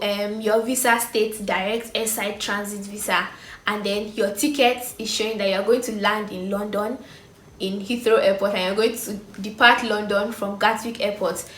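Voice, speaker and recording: A young woman in her twenties with a Nigerian accent, telling a storytime vlog and acting out the people in it. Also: mid-range voice. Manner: animated storytelling, acting out other people's lines. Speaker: vlogger. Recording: echoey room with faint ambience.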